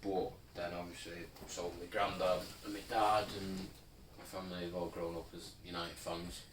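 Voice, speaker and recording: Speaking at a moderate pace with a deep voice and little pitch movement, a young male podcast co-host drifts through a relaxed, rambling conversation packed with fillers. The mic is distant, the room roomy, and there's faint noise.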